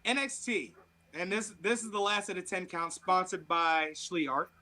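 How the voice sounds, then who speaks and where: A man with a strikingly high voice holds the floor as a podcast co-host. He tells a story in casual chat, quick to swear and animated as he builds to the good part. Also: low-quality recording.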